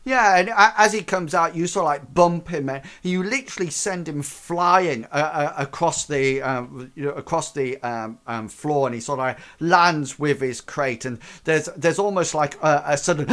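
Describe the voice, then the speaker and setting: A man's voice: on the high side, normal speed, few pauses, fairly bright tone. A man narrating a tabletop game as game master, rambling with many fillers and restarts.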